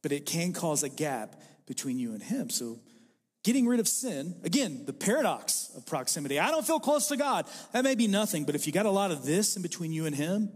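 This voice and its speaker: A man's voice: fairly high pitch, very animated, a little fast, husky. A male pastor preaching a sermon in a church, mixing self-deprecating jokes with his message. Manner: self-deprecating, joking storyteller. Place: church sanctuary. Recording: reverberant hall.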